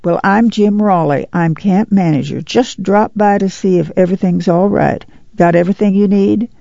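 A man voicing a lean, friendly middle-aged camp manager who talks in a warm, easygoing, chatty way. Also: sits high, moderate pace, vocal fry, no echo, lo-fi sound.

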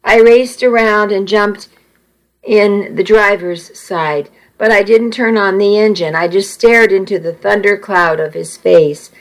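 A woman narrating a first-person audiobook in a measured, intimate storytelling manner. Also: medium pitch, low-quality recording.

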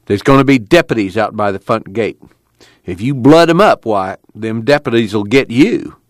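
A man's voice: lowish voice, animated, normal speed, no room sound, natural voice. A man doing a stern, worried Okie camp leader. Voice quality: earnest, pleading, rural grammar.

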